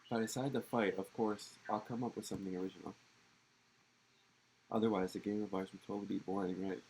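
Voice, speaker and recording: A man's voice: on the low side, steady tone, fast, a little mellow, a little hiss or hum, natural voice, low-quality recording. A man reading a haughty rich young heir. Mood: cold, haughty. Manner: haughty, dismissive. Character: arrogant rich young male heir, cold and condescending. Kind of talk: reading game dialogue aloud.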